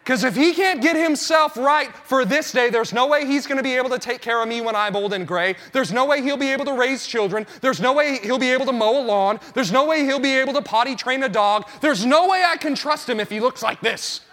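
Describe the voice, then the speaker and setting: Animated high-voiced male pastor. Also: fairly quick, few pauses. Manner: animated storytelling, acting out his own panic. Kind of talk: sermon.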